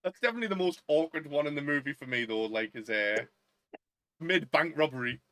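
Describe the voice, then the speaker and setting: A man's voice: fairly high pitch, lively intonation, fairly quick, fairly bright tone, dry recording. A man, co-hosting a casual film chat podcast, joking and acting out scenes. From Northern England. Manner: jokey, laughs a lot, acts out film lines. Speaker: podcast co-host.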